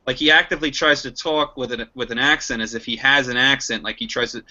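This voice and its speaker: A young man argues with heat and restless energy, his voice sharp and ringing. He stumbles and restarts as he pushes his point. The sound is dull and muffled. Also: medium pitch, fast. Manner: animated, heated, many restarts. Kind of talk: casual political discussion. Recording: muffled lo-fi recording.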